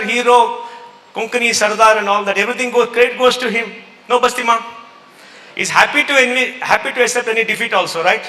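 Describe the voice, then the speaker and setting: A man's voice: very high voice, pushed and bright. A man with an Indian English accent giving an emphatic, rhetorical motivational talk to an audience and taking questions. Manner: emphatic, rhetorical, mixes in Hindi phrases. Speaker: guest speaker. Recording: echoey hall.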